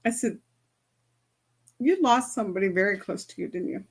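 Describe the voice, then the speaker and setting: A woman's voice: mid-range voice, expressive, normal speed, breathy edge. A woman who works as an energy healer, giving a casual spoken lesson on chakras and telling a story from her practice, with many fillers.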